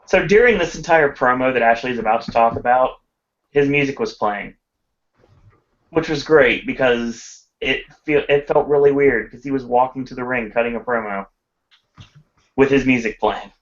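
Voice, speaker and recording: A man on a wrestling podcast panel, explaining at length in a measured way. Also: medium pitch. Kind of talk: casual wrestling chat. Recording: dull lo-fi sound.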